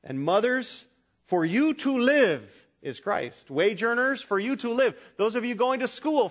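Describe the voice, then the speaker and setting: Middle-aged male pastor, fairly high voice, emphatic sermon with loud peaks and hushed asides. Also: lively intonation, measured pace. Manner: humorous, talks directly to the congregation.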